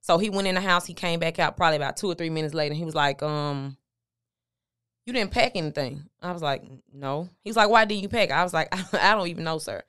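Guest, woman, middle-aged, low and smooth voice, dry close sound, conversational storytelling. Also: fast, a bit bright, no room sound. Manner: conversational, recounting with quoted dialogue. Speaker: guest, motivational speaker. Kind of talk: candid storytelling interview.

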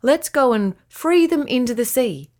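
A woman voicing an eager, excited young boy at a beach party. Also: sits high, measured pace. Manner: eager, exclamatory.

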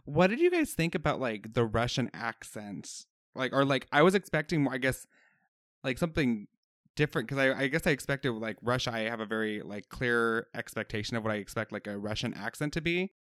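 Animated man chatting on a podcast. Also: mid-range voice, a little fast, dry recording, clean studio sound. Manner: animated, laughs often. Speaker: podcast co-host. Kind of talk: casual podcast chat.

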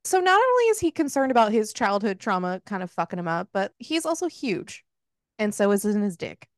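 A woman co-hosting a book club podcast, retelling a romance novel in a casual, profane, animated way. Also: medium pitch, fairly quick, no room sound, studio quality. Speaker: podcast co-host. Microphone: close podcast mic.

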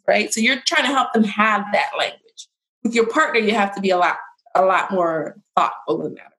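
A woman giving parenting and relationship advice in a casual chat, animated and acting out bits of dialogue. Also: mid-range voice, normal speed, roomy sound, rough recording. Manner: animated, acts out quoted dialogue.

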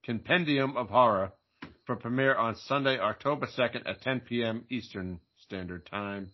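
A man's voice: mid-range voice, moderate pace. A man co-hosting a movie podcast, reading horror news aloud in a casual joking way and tripping over words. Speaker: podcast co-host. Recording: dull lo-fi sound.

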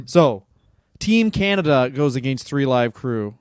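A man co-hosting a comedy podcast, recapping stories in quick joking bursts and laughing often. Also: medium pitch, big pitch swings, no echo, clean studio sound. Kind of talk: casual comedic chat, recapping wrestling history.

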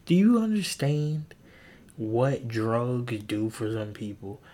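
A man's voice: medium pitch, slow. Rambling, crude young man on a podcast. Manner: crude, animated, rambling and self-deprecating. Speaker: podcast host. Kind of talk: solo podcast rant. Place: home with a loud family nearby.

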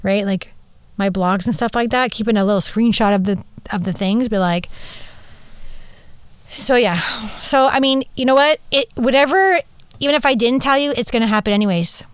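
A woman's voice: fairly high pitch, normal speed, clear, resonant tone, no echo. A woman hosting a podcast, rambling in casual monologue and swearing freely, recorded in a small closet. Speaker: podcast host.

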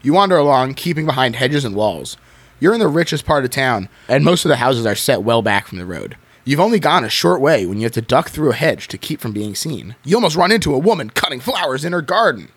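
A man hosting a podcast, reading a choose-your-own-adventure book aloud in an expressive way and breaking off to chat. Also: mid-range voice, a little fast, husky, no room sound. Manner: expressive reading with frequent laughs. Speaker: podcast host.

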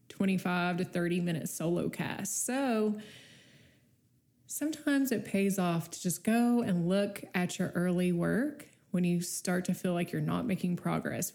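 A woman's voice: fairly low pitch, vocal fry, a little mellow. A woman hosting a casual solo podcast, talking off the cuff in a chatty, encouraging way while her nose is stuffy from a cold. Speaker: podcast host.

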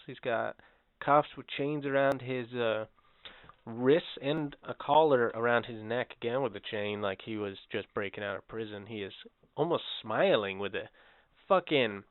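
A man talks eagerly and profanely about a collectible figure, piling on detail. His voice is smooth and mid-pitched. The sound is narrow like a phone line and completely dry. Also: no echo. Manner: enthusiastic, profane describing. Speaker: podcast co-host. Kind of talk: casual podcast chat.

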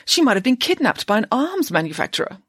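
A woman's voice: fairly high pitch, big pitch swings, fast, breathy edge, no room sound, clean studio sound, voice pushed up. A woman doing a dithering vague professor dad. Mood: bemused. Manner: bemused, dithering, literal-minded. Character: vague absent-minded middle-aged male physicist.

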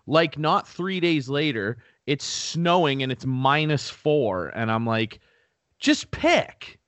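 A man's voice: mid-range voice, takes it slowly, a bit bright, no room sound. A young man from Canada co-hosting a podcast, ranting in casual chat and swearing freely. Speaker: podcast co-host.

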